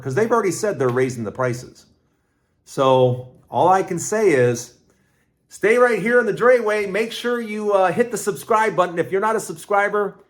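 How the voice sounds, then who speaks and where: A middle-aged man hosting his own podcast, telling a personal story in a rambling, casual way with restarts and lively asides. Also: mid-range voice. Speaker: podcast host.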